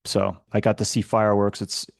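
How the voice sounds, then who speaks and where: A man's voice: fairly low pitch, completely flat delivery, brisk, no room sound, clean studio sound. A man hosting a podcast, easygoing in chat and reading announcements and guest intros. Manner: easygoing, friendly, reads intros smoothly. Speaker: podcast host. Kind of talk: casual chat and show announcements.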